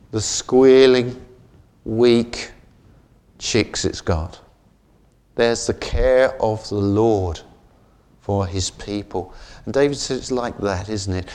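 A male preacher delivering a sermon in an easy, conversational style. He keeps tagging his points with "isn't it?" and drops into slower, softer phrasing when he lands a key idea. His voice sits at a middle pitch for a man.

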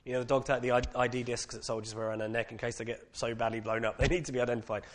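A man with a British accent sharing a personal testimony with an audience, candid and animated, with many casual fillers. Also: mid-range voice, rapid-fire.

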